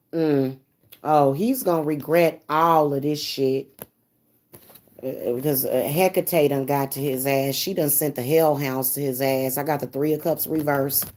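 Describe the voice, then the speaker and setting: A woman's voice: sits low, darkish tone. A young woman venting angrily in a vlog, cursing heavily and stumbling over repeated words when upset. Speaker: spiritual reader and vlogger. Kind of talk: angry, profane venting monologue.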